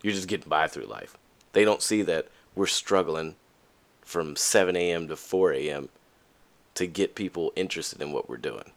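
A young man with a low voice talks openly in a casual podcast monologue. His pitch swings widely as he acts out the people he quotes, jumping high and then dropping back into his own low register. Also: animated, moderate pace, vocal fry. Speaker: podcast host.

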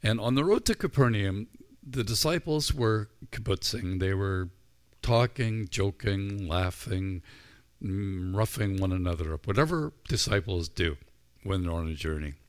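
In a low, expressive voice, a middle-aged male pastor preaches without hurry, telling the scenes as a story. He acts out the disciples' voices as he goes.

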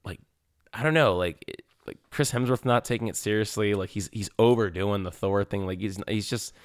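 A man co-hosting a podcast in casual chat, animated and swearing, acting out quotes with a jump up in voice. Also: fairly low pitch, moderate pace, dry recording, studio quality. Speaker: podcast co-host.

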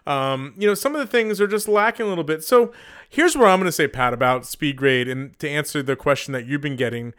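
Bright, crisp-voiced man hosting a podcast. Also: a little high, expressive. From United States. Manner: thoughtful, measured, many "you know" fillers. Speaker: podcast host. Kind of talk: casual podcast discussion.

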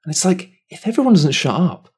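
A man, co-hosting a casual chat and telling an animated, sweary story. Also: fairly high pitch, brisk, breathy edge.

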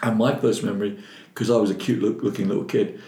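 A man's voice: lowish voice, quick pace. An older man from London with a Cockney accent, a filmmaker telling stories as an interview guest. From London, England. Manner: animated storyteller, repeats words when starting. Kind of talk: casual interview chat. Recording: roomy echo.

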